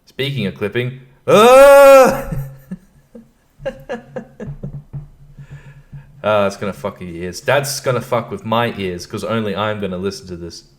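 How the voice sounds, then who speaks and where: A man hosts a casual solo podcast from home, speaking into the computer microphone at his desk. His voice is on the low side, moving at a moderate pace with long pauses, and he rambles, drops thoughts midway, and laughs at himself.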